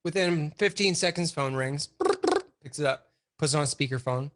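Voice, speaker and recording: Bright-voiced man telling a profane story. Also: on the high side, normal speed. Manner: animated, profane, lots of fillers. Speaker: guest. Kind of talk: casual storytelling.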